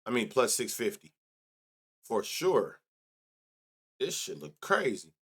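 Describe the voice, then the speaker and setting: A man's voice: medium pitch, huge pitch swings, takes it slowly, fairly bright tone, breathy edge. A man hosting a sports betting show, thinking aloud in casual chat as he reads off numbers and mutters to himself. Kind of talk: casual solo stats rundown.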